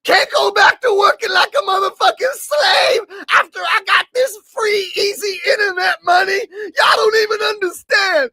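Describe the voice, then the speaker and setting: A man putting on a high, whiny voice to mock an upset young man, wailing and shouting. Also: dry recording, exaggerated voice.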